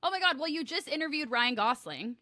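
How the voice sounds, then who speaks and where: A woman's voice: high voice, lively intonation, brisk, bright, forceful tone, no echo, studio quality. A woman hosting a podcast, chatting casually with a friend, telling stories and laughing often. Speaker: podcast host.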